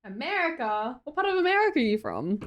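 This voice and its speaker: A woman's voice: high-pitched, very animated, fast talker, dull audio, a little hiss or hum. An Australian woman, a young adult, hosting a casual livestream chat, reading chat aloud and laughing often. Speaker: livestream host.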